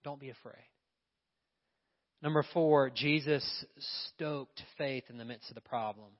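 A man's voice: medium pitch, takes it slowly. A male pastor preaching a sermon in a church, emphatic and often putting questions to the congregation. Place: church sanctuary. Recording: long reverb, dull lo-fi sound.

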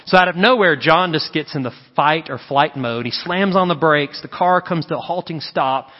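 A man pastor preaching a sermon in a church, telling stories in an animated way and acting out the quotes. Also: on the high side, moderate pace. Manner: animated storytelling with acted quotes. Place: church sanctuary. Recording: muffled sound with long hall reverb.

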